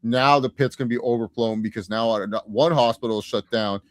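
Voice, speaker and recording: A man's voice: mid-range voice, brisk, no room sound, studio quality. A man co-hosting a podcast, chatting casually about a TV episode with an enthusiastic, self-congratulating manner. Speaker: podcast co-host. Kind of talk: casual TV episode recap chat.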